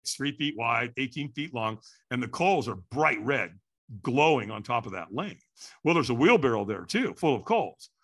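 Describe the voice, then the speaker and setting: A man telling a story as a podcast guest, animated and acting out quotes with sudden shouts. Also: medium pitch, normal speed.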